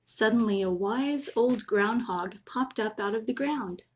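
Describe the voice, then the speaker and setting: A woman gently reading a children's bedtime story aloud, adding little asides. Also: medium pitch, moderate pace, slight background noise.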